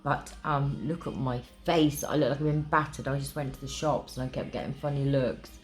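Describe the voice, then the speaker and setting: Middle-aged woman from England, very low voice, warm gushing chatty vlogger, recovering from illness. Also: steady tone, brisk, faint music behind. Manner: gushing, emotional, chatty with many ums. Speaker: craft vlogger. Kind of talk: casual chat to camera.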